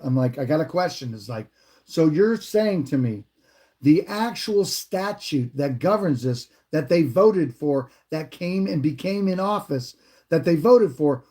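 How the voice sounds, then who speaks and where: A man's voice: medium pitch, warm tone. A man hosting a livestream, casually retelling an encounter and explaining his views, with frequent restarts. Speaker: livestream host.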